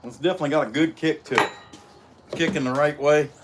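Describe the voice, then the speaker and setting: On the high side and quick, the voice belongs to a middle-aged man who hosts live streams and carves with a chainsaw. He rambles in a down-home manner, chewing as he works on a saw in his workshop, with plenty of noise in the background.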